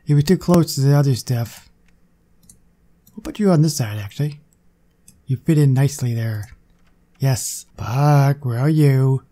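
A young man giving casual, excitable commentary on his gameplay and chatting to viewers. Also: medium pitch, unhurried, pauses often. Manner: excitable, chatty, talks to the game. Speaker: gaming channel host.

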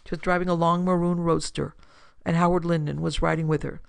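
A woman's voice: on the low side, level tone, a little fast, gravelly, dry recording. A woman narrating a classic pulp detective story with dramatic storytelling for her podcast. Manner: dramatic storytelling, builds force in action scenes.

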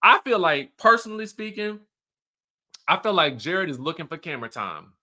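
A man's voice: fairly high pitch, very animated, moderate pace, sharp tone. A man hosting casual reality TV recap commentary, chatty and emphatic. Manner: chatty, emphatic, keeps asking "okay?".

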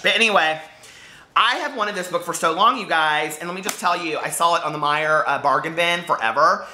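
Lively, chatty man in echoey room. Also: a little high, quick pace. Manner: chatty, playful, gushing. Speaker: book vlogger. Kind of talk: casual chat to camera.

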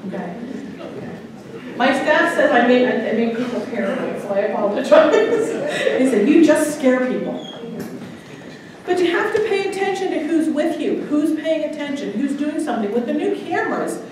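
Woman guest speaker, fairly high voice, anecdotal style, distant mic in a very echoey hall. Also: a little mellow, slight background noise. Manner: chatty, storytelling, checks in with the audience. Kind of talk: anecdotal talk to a club audience. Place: meeting room.

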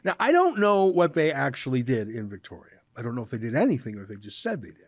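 A man's voice: medium pitch, big pitch swings, no room sound. Canadian guy hosting an opinion show, sarcastic and punchy, voice swings all over, dry close mic. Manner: sarcastic, emphatic, slows down to stress words. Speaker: show host. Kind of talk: opinion commentary.

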